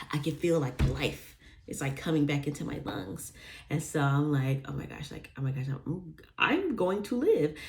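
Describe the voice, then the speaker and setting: A young woman casually telling a personal story, rambling with lots of fillers and restarts, sometimes dropping to a near-whisper on asides. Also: low-pitched.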